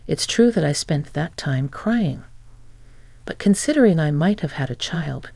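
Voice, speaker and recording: A woman narrating a scripted first-person revenge story with a sarcastic, mocking edge. Her voice is gravelly, with a dark, mellow tone. The recording is close and dry. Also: low-pitched, no echo.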